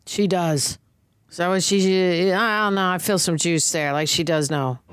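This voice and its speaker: A woman reacting playfully to a movie with quick, casual comments. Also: fairly low pitch, fairly even intonation, soft background music.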